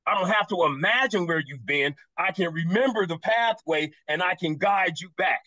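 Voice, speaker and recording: A man speaking as a panelist on a video call, passionate and quick, repeating words for emphasis. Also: high-pitched, pushed and bright, dry recording, highs cut off.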